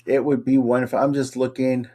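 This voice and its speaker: A male co-host in a relaxed chat, cheerful and talkative as he greets viewers and responds to their comments. His voice is at an ordinary middle pitch. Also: fairly quick. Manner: upbeat, chatty, reads out viewer comments. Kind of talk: casual chat.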